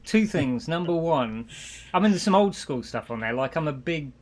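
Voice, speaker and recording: A man's voice: fairly high pitch, normal speed. A middle-aged man from England, a guest on an interview podcast, chatting casually and telling anecdotes. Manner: relaxed, anecdotal storytelling. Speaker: guest, marketing executive.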